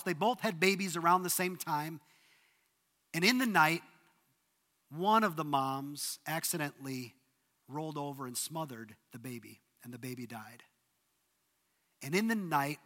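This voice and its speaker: High bright-voiced preacher in a reverberant hall. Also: male voice. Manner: dramatic retelling, voice rises and drops to near whisper. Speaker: pastor. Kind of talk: sermon.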